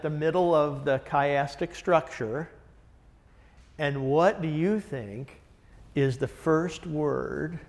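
A man teaching a Bible study, enthusiastic and conversational, putting questions to the group. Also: a little high. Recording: long reverb in a large room.

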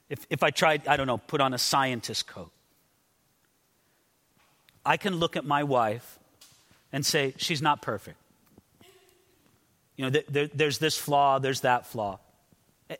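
A man's voice: on the high side, fairly bright tone, in a large hall. A man preaching an expository sermon as a pastor, earnest and emphatic, often repeating words as he stresses a point.

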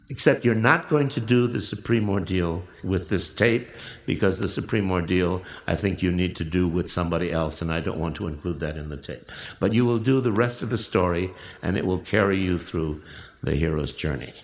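Low-voiced man guiding a workshop. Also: roomy sound. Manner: measured, reflective, often restarting phrases. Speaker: workshop leader. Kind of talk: guided instruction for a recorded exercise.

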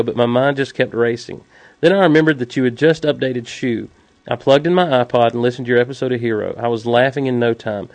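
A man's voice: medium pitch, darkish tone, no room sound. A man co-hosting a casual podcast, making wry jokes and reading a listener email sincerely. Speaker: podcast co-host.

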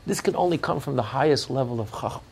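A man's voice: medium pitch, expressive, fast talker, gravelly, slight background noise. A man giving an impassioned sermon as a rabbi, often restarting his words as he searches for them.

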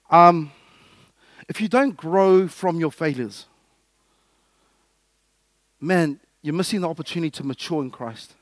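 A man with a high voice preaches with playful energy, jumping from loud bursts to quiet asides. He acts out small scenes and jokes with the room. The sound is close and dry. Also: no room sound. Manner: lively, jokey, acts out little scenes. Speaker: pastor. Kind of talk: sermon.

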